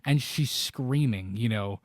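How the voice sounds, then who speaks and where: A man co-hosting a casual chat about a horror film, animated and talkative, often acting out quoted lines in sudden high or low voices. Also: takes it slowly, no echo. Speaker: podcast co-host.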